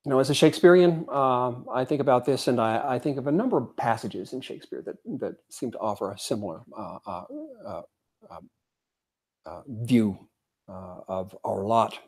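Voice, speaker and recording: A man delivers a Buddhist dharma talk in a zen center hall at a middling pitch. He speaks haltingly, pausing on frequent fillers, and reads quoted passages aloud between his own remarks. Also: darkish tone, husky.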